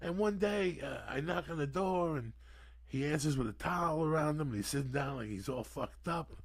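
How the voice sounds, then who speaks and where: A man's voice: a little high, moderate pace, creaky, breathy edge. A man in his sixties, a podcast guest telling long, profane, rambling stories in a casual way. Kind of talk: casual storytelling.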